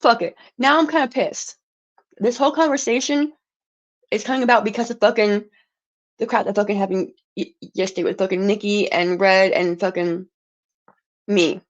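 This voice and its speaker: A woman's voice: medium pitch, steady tone, moderate pace, muffled recording. A woman livestreaming an angry, profane rant, stumbling and restarting words as she gets heated.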